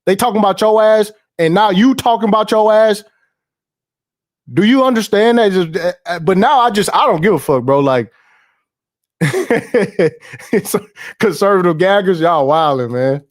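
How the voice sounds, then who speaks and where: A man's voice: high-pitched, expressive, measured pace, pauses often. A young man hosting a casual stream, ranting in heavy slang with lots of swearing, repeats and laughs. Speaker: podcast host. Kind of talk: casual livestream rant.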